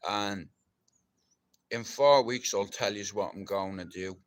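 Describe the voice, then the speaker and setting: A middle-aged Irish man chatting on a live stream, rough-spoken and swearing heavily, and loud and ranting once he gets fired up. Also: lowish voice, slow pace. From Ireland. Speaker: livestreamer. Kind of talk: casual live-stream chat.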